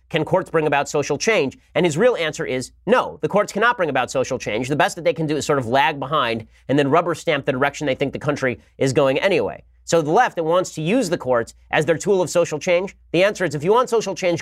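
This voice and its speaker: A man with a slightly raised pitch rattles through a combative commentary monologue at high speed. He talks with a sarcastic, mocking edge. His voice sits dry and close, with no room sound around it. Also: animated, fast, few pauses, no echo. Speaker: political commentary host.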